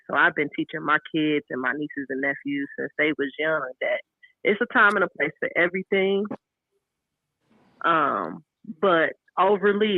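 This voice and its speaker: A woman's voice: sits low, no echo. A mother calling into a radio talk show, speaking bluntly and candidly about raising her children. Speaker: caller. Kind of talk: casual call-in chat. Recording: tinny phone line.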